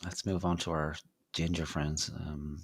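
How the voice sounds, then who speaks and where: A man with a deep voice hosts a live chat stream. He rambles casually, swearing freely, and the recording is dry with no room sound. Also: level tone, measured pace, breathy edge, no echo. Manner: laid-back, profane, rambling. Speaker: podcast co-host.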